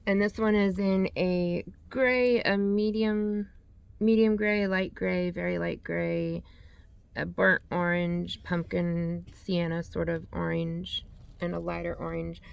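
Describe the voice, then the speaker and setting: A woman's voice: on the low side, little pitch movement, slow, gravelly, clear, resonant tone, dry recording, highs cut off. A woman hosting a yarn vlog, chatting casually as she reads out yarn labels and corrects herself as she goes. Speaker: yarn channel host. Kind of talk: casual show-and-tell vlog.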